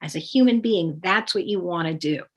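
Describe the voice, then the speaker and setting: A woman explains parenting strategies in a calm, measured teaching voice. She walks through each step clearly and acts out example phrases a parent might say to a child. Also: fairly low pitch. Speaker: parenting coach. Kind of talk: instructional talk with demonstrations.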